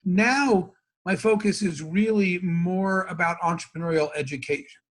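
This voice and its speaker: A man from the United States telling a story as an interview guest, acting out both sides of the dialogue with lively energy. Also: sits high, normal speed.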